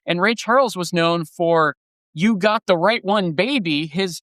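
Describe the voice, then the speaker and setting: A man's voice: high-pitched, measured pace, a bit bright, no room sound. A man hosting a music podcast in casual chat, enthusiastic and rambling, often restarting his sentences. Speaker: podcast host.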